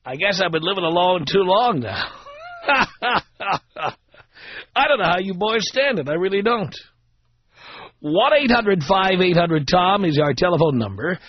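A man's voice: sits high, expressive, unhurried, long pauses, dry recording. A man hosting a call-in radio show, teasing his callers with wry, dry remarks. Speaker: radio talk show host. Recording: studio mic, dry, slightly dull.

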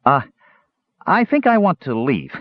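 A man voicing an excitable, naive and curious young male kender who talks eagerly and politely. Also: a little high, measured pace, no echo, lo-fi sound, pitched above the performer's own voice, exaggerated voice. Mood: confused.

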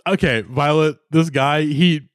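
A man co-hosting a podcast in casual chat, animated and laughing often, with frequent restarts. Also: on the high side, measured pace, no echo. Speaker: podcast co-host.

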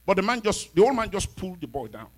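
A man preaching a sermon, telling stories in an animated way and building into shouted declarations. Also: sits high, fast. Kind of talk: storytelling sermon, rising into shouted exhortation.

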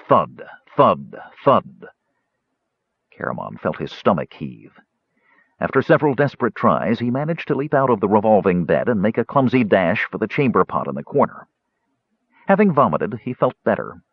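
A man narrating a fantasy audiobook in a varied, expressive storytelling manner. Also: medium pitch, breathy edge, dry recording. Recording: dull dry studio recording.

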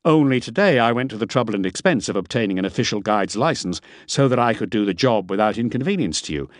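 A man's voice: lowish voice, very animated, normal speed, no echo, studio quality. A man playing a hired driver and guide who talks respectfully and a little indignantly while hiding his nerves. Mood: respectful indignation. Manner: respectful, indignant, a bit defensive.

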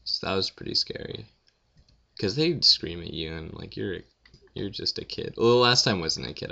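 A man's voice: deep voice, expressive, normal speed, creaky, pushed and bright, muffled recording. A young man who has just woken up, telling a rambling story and answering questions in a casual, self-mocking way full of fillers.

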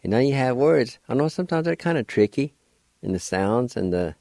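A man teaching spelling and pronunciation, spelling words out letter by letter slowly and deliberately. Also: medium pitch, sing-song, vocal fry, dark tone, dry recording. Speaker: language teacher.

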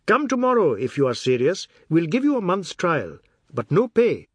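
A man playing a brisk, mocking newspaper editor. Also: very animated, slightly rough, no echo. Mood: amused. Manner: quizzing, teasing, higher-pitched.

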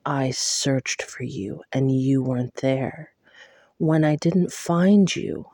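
A woman voicing a wild male fae lord in a low, slow, breathy growl. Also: fairly even intonation, mellow, dry recording, studio quality, full character voice. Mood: feral.

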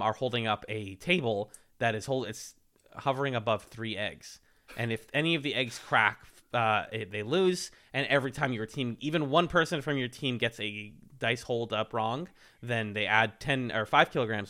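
A man co-hosting a podcast, recapping a reality show in casual chat, animated and laughing often as he acts out quotes. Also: on the low side.

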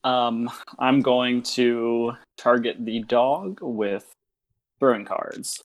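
A man's voice: mid-range voice, very slow. A man playing a tabletop game, calling out his rolls in a plain, matter-of-fact way. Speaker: player.

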